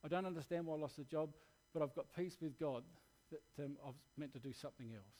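A man's voice: a little high, quick pace, mellow. An Australian man preaching a sermon, telling a candid personal story in an earnest, plain-spoken way.

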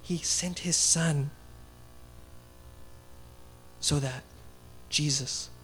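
A man's voice: on the high side, steady tone, takes it slowly, fairly bright tone, a little hiss or hum. A young man giving a casual, story-driven sermon, chatty and laughing as he talks. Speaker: guest speaker.

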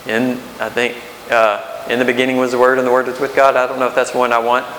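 A man's voice: mid-range voice, little pitch movement, fast, fairly bright tone. A man in his thirties preaching a sermon as pastor, conversational, with rhetorical questions and restarts. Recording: echoey hall with faint hiss.

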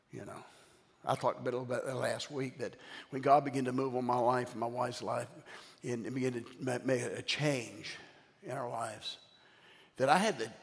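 An older man, a bishop, preaching a sermon with animated storytelling and call-outs to the congregation. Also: medium pitch, gravelly. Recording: long hall reverb.

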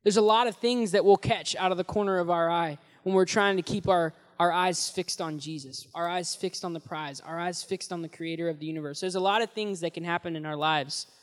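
A young man preaching as a youth pastor, telling the story in an animated, casual way with slang, swinging between loud and hushed, in a large hall. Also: high voice, a little fast, few pauses. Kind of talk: sermon. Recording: long echoey hall reverb.

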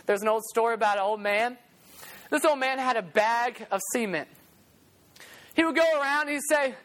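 A young male preacher delivering a sermon in a loud, animated way, breaking into laughs between points. His voice sits high for a man. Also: a little fast.

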